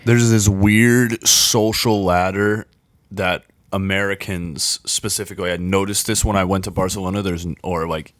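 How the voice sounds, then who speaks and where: A man's voice: low voice, steady tone, dry recording. A man in his twenties from Baltimore, a podcast guest talking bluntly and profanely in casual chat. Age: 20s. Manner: blunt and profane, quick asides. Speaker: podcast guest, music producer.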